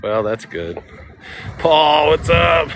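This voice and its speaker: Laid-back man vlogging from a noisy street. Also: a little high. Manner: giggly, self-mocking, meows playfully. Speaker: travel vlogger. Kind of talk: casual live-stream chat.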